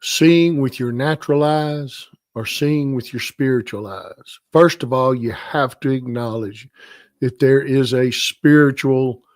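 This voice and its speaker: A man's voice: mid-range voice, a little slow, no room sound, clean studio sound. A man co-hosting a Bible study, talking enthusiastically and rambling with restarts. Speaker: co-host of a Bible study show.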